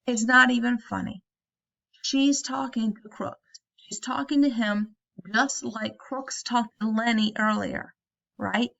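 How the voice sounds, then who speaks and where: Gravelly woman teacher, chatty retelling. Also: a little high, fairly even intonation, slow pace, dull audio. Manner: chatty, tags statements with "right?". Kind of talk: casual classroom story retelling.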